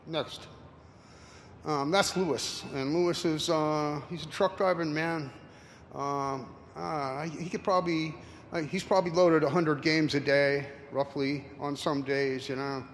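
A man's voice: fairly high pitch, fairly even intonation. Rambling man in a reverberant hall. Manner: rambling, halting, many fillers. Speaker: presenter. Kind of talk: casual slide talk with anecdotes. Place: room with an audience. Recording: reverberant hall, faint noise.

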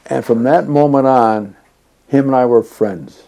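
Older man, interviewee, deep mellow gravelly voice, loose rambling storyteller. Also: unhurried. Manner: rambling, chatty with frequent fillers and laughs. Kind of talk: oral history storytelling.

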